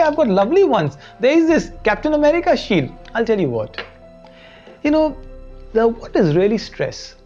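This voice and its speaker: A woman's voice: fairly high pitch, a little mellow, highs cut off. A woman with an Indian English accent presenting a motivational lesson, firing rhetorical questions at the audience. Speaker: education show presenter.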